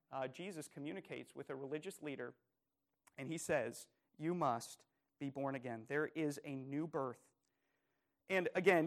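Preaching with earnest force, this pastor keeps questioning his congregation and then lowers his voice to soft, hushed lines. He sounds a little high in pitch.

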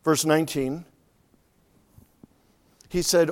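A man preaching an expository sermon, reading verses slowly and quietly, then explaining them with rising emphasis. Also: a little high.

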